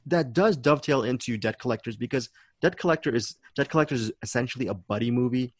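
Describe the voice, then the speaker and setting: A man's voice: mid-range voice, fast talker, dry recording. Enthusiastic man hosting, dry sound. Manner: enthusiastic, repeats words while thinking. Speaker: podcast host. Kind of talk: casual chat.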